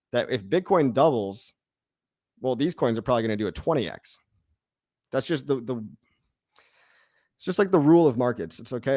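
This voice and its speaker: A man's voice: mid-range voice, a little mellow, no room sound, studio quality. A man in his thirties hosting a casual livestream Q&A, slangy and laid-back, laughing often. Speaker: crypto show host.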